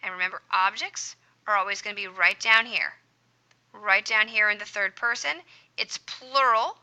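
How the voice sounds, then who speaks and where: Teaching grammar in a screen recording, this Spanish teacher has a very bright, clear voice at medium pitch, with a steady tone and moderate pace. Her manner is cheerful and supportive, and she dots the steps of the lesson with playful sound effects.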